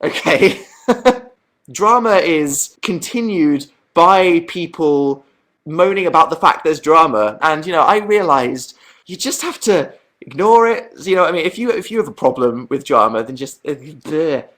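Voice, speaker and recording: A young Englishman chats on a livestream, answering viewers' questions in a rambling, self-deprecating way. His voice sits a little high for a man, and he often stops to restart his sentences. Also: lively intonation, unhurried, a bit bright. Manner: chatty, self-deprecating, hesitant with restarts and laughs. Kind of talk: casual livestream chat.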